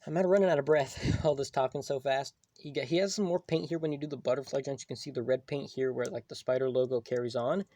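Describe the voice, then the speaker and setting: A man's voice: mid-range voice, steady tone, quick pace, hardly any pauses, dark tone, no room sound. A young man giving a casual, rambling toy review at home, filling his talk with "like" and "you know". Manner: rambling, filler-heavy, full of "like".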